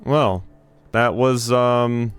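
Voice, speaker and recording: A man's voice: medium pitch, very slow, smooth, soft background music. A man hosting a game let's play, chatting casually and hesitantly as he reads game text aloud. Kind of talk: casual gameplay commentary.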